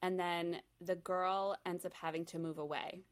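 A woman's voice: fairly low pitch, flat delivery, moderate pace. A young woman co-hosting a casual chat, describing a movie plot in a loose, rambling way with many fillers.

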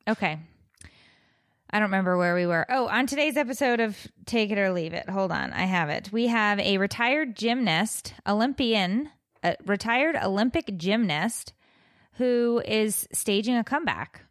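A woman's voice: mid-range voice, normal speed, no echo. Exasperated woman podcast co-host, dry sound. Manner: joking, exasperated, animated storytelling. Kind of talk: casual chat.

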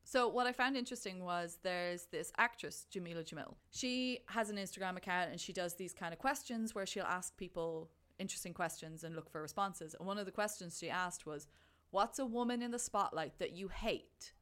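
A young woman in casual conversation about a film, chatty and animated, acting out her own thoughts in quotes. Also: on the low side, a little fast, hardly any pauses.

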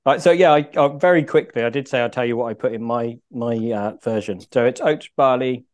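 A man's voice: mid-range voice, a little fast. Man host talking while chewing. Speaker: podcast host. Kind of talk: casual podcast interview.

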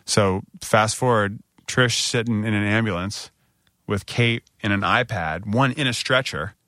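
Animated man telling a hospital story. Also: fairly low pitch, measured pace, no echo, clean studio sound. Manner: animated, acts out his own anxious outbursts in quotes. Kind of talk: casual storytelling.

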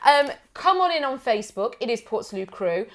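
A woman's voice: fairly high pitch, sing-song, a little fast. A woman co-hosting a podcast in casual, affectionate chat, gushing and giggly. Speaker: podcast co-host.

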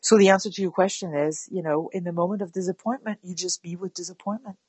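A woman talking in an interview about parenting, animated, and acting out soothing words to children. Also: fairly low pitch, fast, husky, no room sound. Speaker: parenting guest. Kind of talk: conversational interview.

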